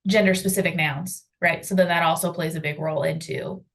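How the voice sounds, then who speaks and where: A woman's voice: on the low side, steady tone, a little fast, creaky. A woman taking part in a teacher training, explaining a grammar point at some length with fillers like "um" and "like.". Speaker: training participant.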